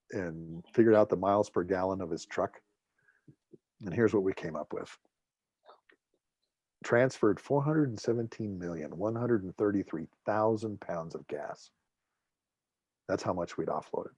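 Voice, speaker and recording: A middle-aged man with a low voice speaks as a guest lecturer, spinning anecdotes and acting out the voices of the people he quotes. His voice sounds close and dry, with almost no room around it. He keeps a joking, storytelling manner throughout. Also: moderate pace, pauses often, breathy edge, no room sound, highs cut off. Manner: lively storyteller, acts out dialogue, jokes. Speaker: guest speaker, former air force officer.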